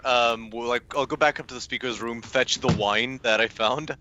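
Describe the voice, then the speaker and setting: A man's voice: medium pitch, normal speed, dull audio, noisy background. A man playing his character in a tabletop game, earnest and playful. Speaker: player. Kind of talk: tabletop role-play.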